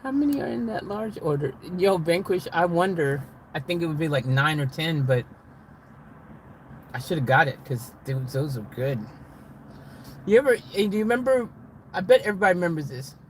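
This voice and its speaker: A man's voice: on the high side, animated, normal speed, pauses often, slight background noise. A man casually chatting with his livestream viewers from inside a vehicle, rambling and giggling as he talks to them.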